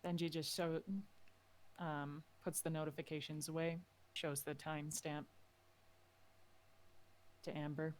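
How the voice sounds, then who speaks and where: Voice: medium pitch, level tone, unhurried, long pauses. A player in a tabletop game, casually narrating a character's actions with fillers.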